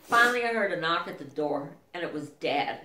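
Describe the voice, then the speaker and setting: A middle-aged woman telling family memories in a halting, casual way, full of fillers and acted-out quotes. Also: sits low, expressive, bright, forceful tone, reverberant.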